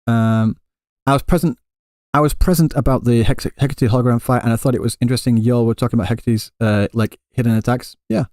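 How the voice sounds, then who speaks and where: Male streamer, casual chat with viewers, rambling delivery, mid pitch, dry close mic. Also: fairly even intonation, a little fast, a little mellow, no echo. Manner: rambling, many restarts, conversational. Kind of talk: casual chat answering live chat. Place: Japan, Kansai area.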